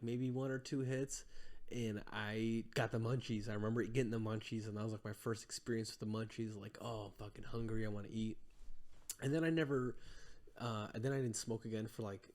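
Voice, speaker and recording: A man's voice: on the low side, steady tone, a little fast, a little mellow. A man as a podcast guest, telling long rambling stories in casual chat, full of fillers. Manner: rambling storytelling with many fillers.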